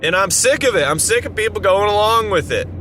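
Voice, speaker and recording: A man's voice: high-pitched, animated, brisk, sharp tone, a little hiss or hum. A man ranting in an exasperated, sarcastic way in an opinion vlog. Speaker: vlogger. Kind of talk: opinion rant to camera.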